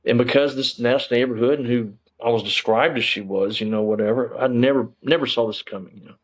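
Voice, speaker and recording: A man's voice: mid-range voice, fairly even intonation, fairly quick, breathy edge, poor audio. A man, a former police officer telling his story in a casual interview, rambling with lots of fillers and frank swearing.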